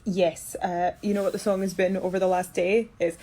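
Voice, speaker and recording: Scottish woman half asleep, chatty low-energy q&a into her phone from a room. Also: flat delivery, normal speed, mellow. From Scotland. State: sleepy. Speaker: actress answering fan questions. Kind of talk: casual Q&A to camera. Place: single room in quarantine. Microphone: phone camera, self-recorded.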